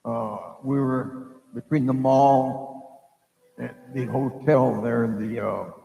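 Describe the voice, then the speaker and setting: Middle-aged male psychic host, rough gravelly voice, meandering spoken story, booming echoey room. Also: fairly even intonation, slow, warm tone. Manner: meandering, loses his thread, many fillers. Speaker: psychic storyteller hosting a live stream. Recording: echoey room with long reverb.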